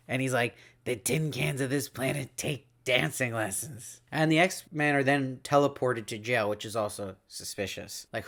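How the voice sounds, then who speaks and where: Man, host voice, casual episode recap, eager and chatty, mid-pitched. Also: a bit bright. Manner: enthusiastic, retells lines with quick paraphrased quotes. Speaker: show host reviewing episodes.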